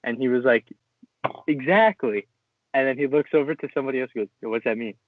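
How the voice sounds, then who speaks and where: A man co-hosting a casual sports podcast, excitable and laughing often as he reads posts aloud. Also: mid-range voice, quick pace, no room sound. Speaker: podcast co-host. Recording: dry, tinny phone-like sound.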